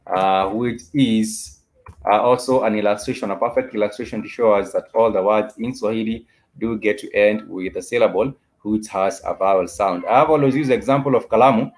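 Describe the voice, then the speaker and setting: A man teaching a spoken language lesson, saying each word and phrase several times over with drawn-out fillers. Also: on the low side. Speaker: Swahili teacher.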